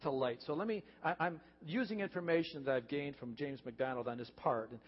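A pastor preaching a heartfelt sermon, earnest and repetitive, building to emphatic points. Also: male voice, fairly high pitch, brisk, slightly rough. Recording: dull reverberant church recording.

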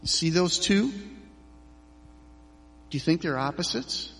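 A middle-aged man preaching a sermon as pastor, slow and emphatic with dramatic pauses. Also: fairly high pitch, sing-song, creaky, a bit bright, big-room sound, a little hiss or hum.

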